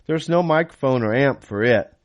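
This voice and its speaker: A man's voice: mid-range voice, expressive, dull audio, voice pushed up, lightly acted. A man reading his novel aloud and voicing an eager young boy who hurries things along. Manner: quick, eager and urgent.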